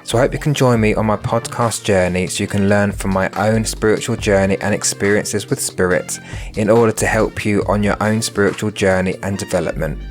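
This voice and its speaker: A man hosting his own podcast, nasal and bunged up from a cold, talking gently and reflectively as he thinks aloud. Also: fairly low pitch, steady tone, fairly quick, faint music behind. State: congested from a cold. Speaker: podcast host and spiritual medium. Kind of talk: casual solo podcast talk.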